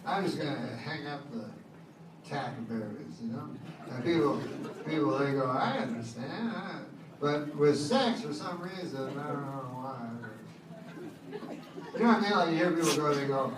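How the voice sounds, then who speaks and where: A man in his fifties doing a stand-up set with a deadpan, rambling, hesitant delivery. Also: a little high, normal speed, crowd noise, background noise. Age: 50s. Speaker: stand-up comedian. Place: large casino showroom, on stage before a laughing audience. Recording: echoey live audience recording from far off.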